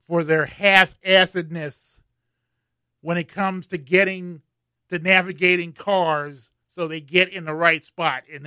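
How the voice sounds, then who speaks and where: Bright, clear-voiced man rambling on a podcast. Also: on the high side, no room sound, clean studio sound. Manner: halting, many fillers and restarts, swearing; gets worked up while telling an annoying story. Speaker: podcast host. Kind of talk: casual rambling monologue.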